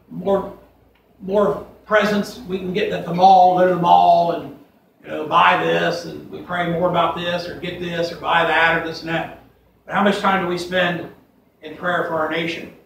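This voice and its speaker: A man's voice: sits high, flat delivery, normal speed, creaky, a bit bright, slight background noise. A man preaching a fiery sermon to his congregation, folksy and emphatic, quoting scripture in a church sanctuary. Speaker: pastor. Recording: echoey church from a distance.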